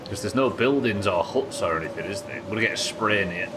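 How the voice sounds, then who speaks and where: A man's voice: on the low side, animated, fast, noisy background. A man chatting casually and swearing while he talks through a game on a live stream. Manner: chatty, swearing, thinking aloud. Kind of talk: casual gameplay commentary.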